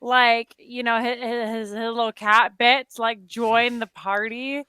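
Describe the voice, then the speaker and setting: A woman co-hosting a meme reaction video, telling rambling, animated stories with casual swearing. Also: a little high, unhurried, smooth, no echo. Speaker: co-host reacting to memes. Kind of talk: casual chat.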